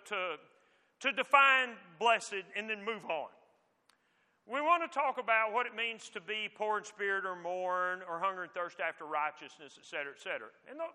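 Bright high-voiced preacher in a reverberant hall. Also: male voice. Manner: conversational teaching, emphatic. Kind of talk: sermon.

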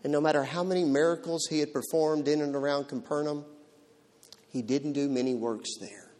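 A man preaching a sermon in a dramatic way, swinging from loud to hushed. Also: fairly high pitch, fairly even intonation, moderate pace. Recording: long hall reverb.

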